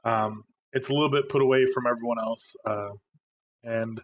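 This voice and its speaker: A man narrating as game master, halting and relaxed with many fillers. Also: mid-range voice, dull audio, a little hiss or hum.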